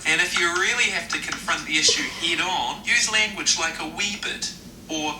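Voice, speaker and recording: A man's voice: on the high side, moderate pace, pushed and bright, a little hiss or hum. A man in his twenties with a New Zealand accent, voicing an easygoing young Kiwi cartoon character. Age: 20s. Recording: echoey clip with music behind.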